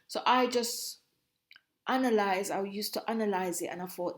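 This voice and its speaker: A middle-aged woman shares her memories in an interview. She talks in a reflective, halting way, often cutting off a word and starting the phrase again. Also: mid-range voice. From Jamaica. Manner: reflective, halting, breaks off and restarts mid-phrase. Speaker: guest, host's mother. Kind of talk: personal storytelling.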